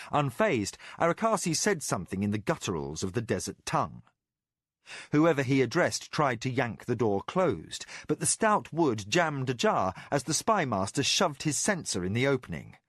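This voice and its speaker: A man narrating a fantasy audiobook in a measured, expressive storytelling voice. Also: medium pitch, no room sound, studio quality. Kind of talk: scripted narration.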